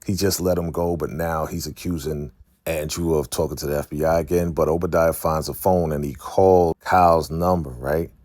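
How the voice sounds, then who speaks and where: Deep-voiced man recapping a TV episode. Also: moderate pace, dry recording, clean studio sound. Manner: animated retelling, briefly acting out characters' lines. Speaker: TV recap host.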